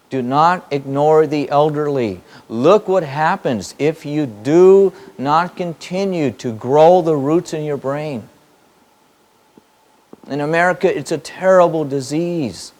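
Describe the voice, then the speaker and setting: A man's voice: a little high, slow, a little mellow. A man giving a spoken teaching to a live audience, emphatic and repetitive, firing off rhetorical questions. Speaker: spiritual teacher. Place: hall in front of an audience.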